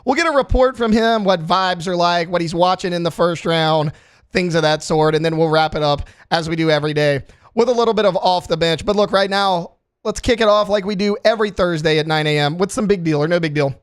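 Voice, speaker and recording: High-voiced energetic sports radio host. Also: male voice, fairly quick, smooth. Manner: joking, energetic. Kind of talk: casual sports talk radio.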